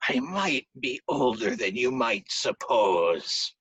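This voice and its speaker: Brief: man voicing a slow, low, husky fire-breathing spirit horse, dry lo-fi sound. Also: very animated, fairly bright tone, no echo, heavily acted. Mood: menacing. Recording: dull dry lo-fi recording.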